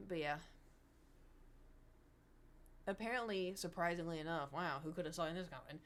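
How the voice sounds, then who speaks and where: A young woman chatting casually with viewers on a livestream, rambling and animated, slipping into mocking impressions. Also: on the low side, a little slow. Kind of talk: casual stream chat with viewers.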